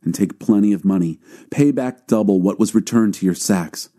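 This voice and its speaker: A man's voice: lowish voice, moderate pace, warm tone, natural voice. A man reading the lines of a grieving, fearful old father in a scripture reading. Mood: sorrowful. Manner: mournful, pleading.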